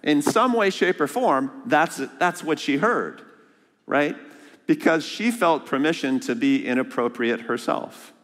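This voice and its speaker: A man preaching a sermon as a guest speaker, lively and joking, asking the congregation questions. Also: fairly high pitch, a little slow, in a large hall. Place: church sanctuary.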